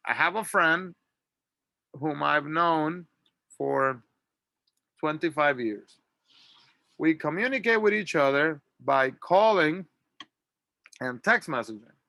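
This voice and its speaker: A man teaching an English grammar lesson, reading model sentences slowly and clearly for students to repeat. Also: a little high, animated, sharp tone, no echo. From Latin America. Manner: slow, drawn-out model sentences.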